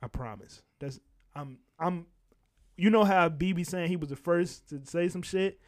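A blunt young man trading opinions in a loose podcast chat. His voice sits a little high for a man, and he swears freely while he makes his point. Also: normal speed. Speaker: podcast co-host. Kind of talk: casual chat.

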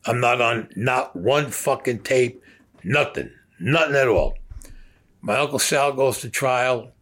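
A man's voice: mid-range voice, slow, fairly bright tone. A man in his sixties telling his own story in a heated, profane way, acting out what others said. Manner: profane, heated, acts out quotes. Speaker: interviewee recounting his past. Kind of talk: casual storytelling.

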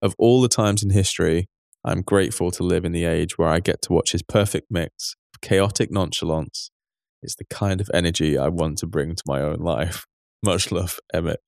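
A man hosting a podcast, chatting casually in a relaxed, agreeable way and reading a listener message. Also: low-pitched, normal speed, gravelly, dry recording, clean studio sound. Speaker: podcast host.

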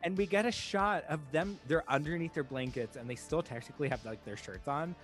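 A man co-hosting a casual podcast, retelling a film plot in an animated, profane way with frequent laughs. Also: fairly high pitch, a little fast, soft background music. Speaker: podcast co-host. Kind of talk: casual chat recapping a film.

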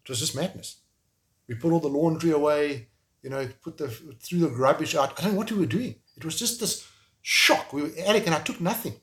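A man with a South African accent, speaking as an interview guest in an emotional, halting way, with frequent restarts. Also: a little high. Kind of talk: remote interview conversation.

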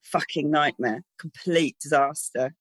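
A woman's voice: deep voice, unhurried, dry recording, low-quality recording. A woman, a guest telling candid, sweary stories in casual chat and laughing often.

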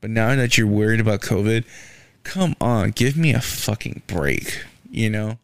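A man's voice: lowish voice, expressive, a little slow, vocal fry, no room sound. A young man hosting a casual solo podcast, ranting with lots of swearing and filler words. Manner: profane, ranting, frequent "man" and "um". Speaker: podcast host. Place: Houston.

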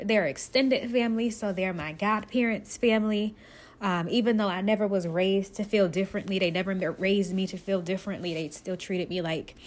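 In a medium-pitched voice, a Buffalo, New York native shares the story of moving away to become an actress. Her telling is earnest and emotional, broken by pauses and false starts.

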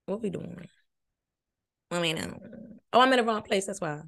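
A woman's voice: medium pitch, lively intonation, quick pace, a bit bright. A woman hosting a podcast, giving casual, brash and profane commentary on a reality show, sleepy late at night.

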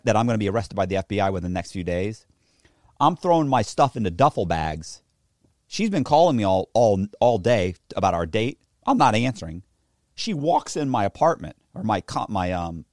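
A man's voice: fairly low pitch, no echo, studio quality. A man telling his own story in a casual interview, profane and indignant, quoting others as he goes. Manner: profane, animated, indignant retelling. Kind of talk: casual storytelling, reacting to a documentary clip.

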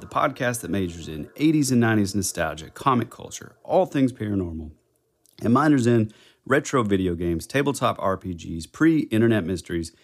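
A man co-hosting a casual podcast, joking with his partner and reading a recap in a dramatic tone. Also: low voice. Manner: animated, reads recap narration in a dramatic tone. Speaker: podcast co-host.

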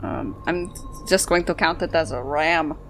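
A woman's voice: low-pitched, measured pace, slight background noise. A woman playing a tabletop game and describing her character's actions. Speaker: player.

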